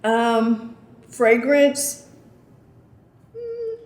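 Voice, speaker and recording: A woman's voice: fairly high pitch, sing-song, extremely slow, a little mellow, echoey room. A woman vlogger answering viewer questions in casual chat, chatty and emphatic, often checking in with "okay?". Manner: chatty, emphatic, repeats "I kid you not" and "okay?".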